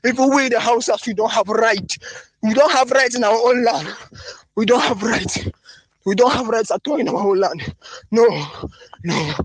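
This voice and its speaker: A man with a strikingly high, husky voice pours out a fervent, pleading appeal. He hammers the same short phrases over and over, recorded as a dry, close phone voice note. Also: no room sound. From northern Nigeria. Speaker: voice-note caller.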